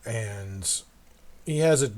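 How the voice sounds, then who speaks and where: A man running a tabletop game as game master, narrating in a halting way with frequent restarts. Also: lowish voice, animated, darkish tone. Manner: halting, restarts mid-sentence, laughs often.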